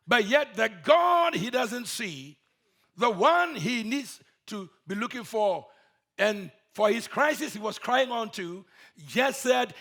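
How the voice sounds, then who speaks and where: A man's voice: high-pitched, sing-song, slow, creaky, a bit bright. A man preaching a sermon, telling a story with emphatic, repeated phrases.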